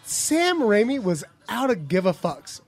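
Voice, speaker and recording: Casting: outspoken cursing man, high voice, faint music under. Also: very animated, a little slow. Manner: blunt, profane, opinionated. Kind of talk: casual podcast banter.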